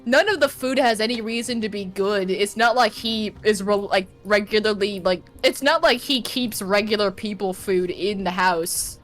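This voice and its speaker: A woman's voice: mid-range voice, normal speed, few pauses, soft background music. A woman chatting casually on a live game stream, swearing freely and filling her talk with "like". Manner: profane, filler-heavy, animated.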